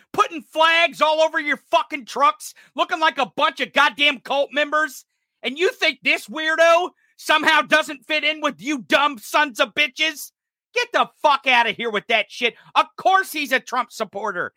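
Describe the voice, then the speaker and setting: A male podcast host delivering an angry, profane political rant, often shouting. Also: very high-pitched, no echo, studio quality.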